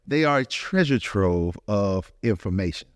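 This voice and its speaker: Low, lively-voiced middle-aged man chatting. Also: unhurried, dry recording, studio quality. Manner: reflective, easygoing storyteller. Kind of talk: casual chat. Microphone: podcast studio mic, facing own camera.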